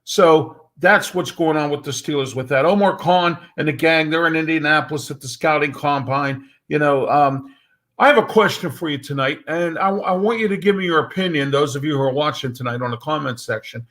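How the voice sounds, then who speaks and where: A man's voice: fairly high pitch, brisk, fairly bright tone. A man hosting a live sports talk show, blunt and opinionated, rambling with many fillers and repeated checks like "okay?". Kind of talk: casual sports talk monologue.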